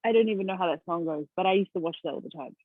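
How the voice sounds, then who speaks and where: A woman's voice: on the low side, rapid-fire, no echo, phone-quality sound. A woman musician being interviewed, bubbly, giggly and self-deprecating. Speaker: musician guest. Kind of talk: casual interview.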